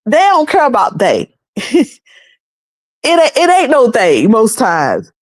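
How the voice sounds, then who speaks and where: A woman hosting her own livestream, talking in a lively, colloquial, preachy way. She laughs often, and her voice sits fairly high. The sound is close and dry. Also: takes it slowly, no echo. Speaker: livestream host. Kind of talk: casual livestream commentary.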